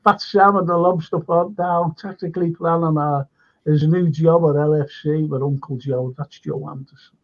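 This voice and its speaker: A man's voice: fairly high pitch, a little mellow. A man hosting a livestream, chatting and rambling as he reads out viewer comments, laughing often. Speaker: livestream host. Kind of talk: casual chat, reading out viewer comments. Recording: dull lo-fi stream audio.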